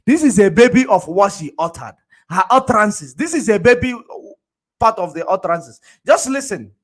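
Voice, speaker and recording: A man's voice: high-pitched, very animated, moderate pace. Mocking Nigerian man commenting on clips. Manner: mocking, laughs often, repeats himself for emphasis. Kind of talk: reaction commentary on played clips.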